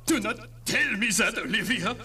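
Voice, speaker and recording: An actor playing an earnest, bewildered young pilot in a radio drama. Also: male voice, high-pitched, expressive, normal speed, bright, forceful tone, full character voice.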